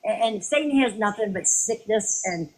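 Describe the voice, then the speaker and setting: A woman's voice: medium pitch, animated, normal speed, darkish tone, poor audio. Hesitant, preachy woman caller. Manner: hesitant with many ums, then preachy and emphatic. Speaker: caller in a debate. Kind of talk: casual live debate.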